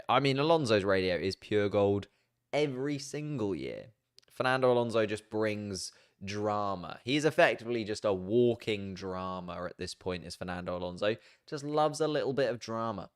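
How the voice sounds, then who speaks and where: A man's voice: lowish voice, clean tone. A man hosting a casual, chatty explainer video, jokey and self-mocking as he banters. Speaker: YouTube host.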